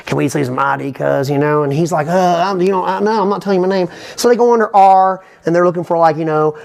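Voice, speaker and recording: A man telling a rambling comic story, animated and full of asides. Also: high voice. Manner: fast, animated, repeats "you know what I'm saying". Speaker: comedian.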